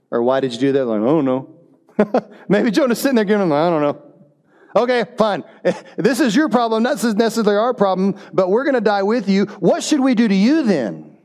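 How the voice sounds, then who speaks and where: Animated male pastor preaching. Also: fairly high pitch. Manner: animated storytelling, voicing characters' lines. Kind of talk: sermon.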